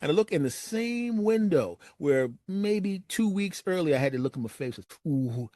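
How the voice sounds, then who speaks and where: A man telling a personal story as a monologue, animated and acting out his friends' lines. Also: normal speed, no room sound, clean studio sound. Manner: animated, acts out friends' lines in raised pitch.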